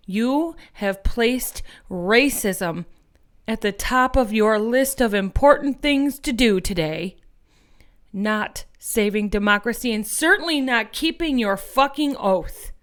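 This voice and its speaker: A woman's voice: a little high, lively intonation, takes it slowly. A woman hosting an activist podcast, delivering an angry, profane political monologue and rallying her listeners as friends.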